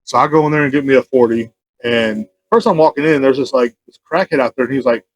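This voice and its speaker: A young man, hosting a podcast and rambling through profane anecdotes in casual chat. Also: mid-range voice. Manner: rambling anecdotes, quick, laughing, swears freely. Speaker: podcast host.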